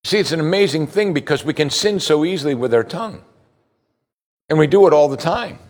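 A man's voice: fairly high pitch, animated, fairly quick, a little mellow. A man preaching a sermon as pastor, putting direct questions to his listeners with emphasis.

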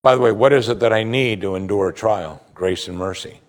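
A man preaching a sermon, emphatic and animated, asking rhetorical questions. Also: on the low side, fairly quick. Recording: long hall reverb.

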